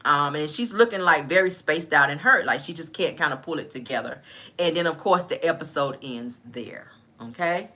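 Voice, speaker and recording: A woman's voice: sits low, normal speed, pushed and bright. A woman casually recapping a reality TV episode, chatty and storytelling, often checking in with "all right?".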